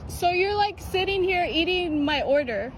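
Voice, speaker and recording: A woman's voice: very high-pitched, animated, moderate pace, noisy background. A woman customer confronting someone outdoors on a street in a firm way.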